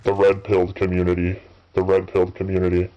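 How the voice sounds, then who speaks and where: A low-pitched man in his thirties rambles through unscripted commentary while gaming, swearing often and stumbling over fillers and restarts. The recording is dull and lo-fi, lacking any crisp top end. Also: monotone, fast talker, dark tone. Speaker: gaming channel host. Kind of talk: rambling off-the-cuff commentary while playing a game.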